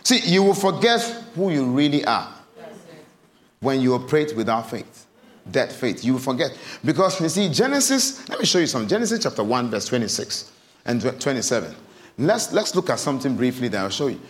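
A man preaching a sermon as pastor, emphatic and repeating his questions in a lively cadence, recorded in a church hall. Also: mid-range voice, brisk. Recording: roomy hall echo.

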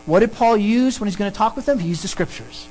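A pastor preaching a sermon and teaching through a Bible passage, emphatic and animated. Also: quick pace, faint music behind, low-quality recording. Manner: animated, emphatic preaching with sudden pitch jumps.

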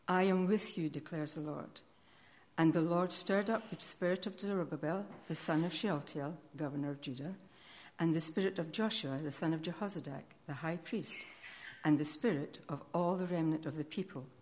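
A woman reading a Bible passage aloud in a measured, solemn way. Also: deep voice, darkish tone, slight background noise. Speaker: scripture reader.

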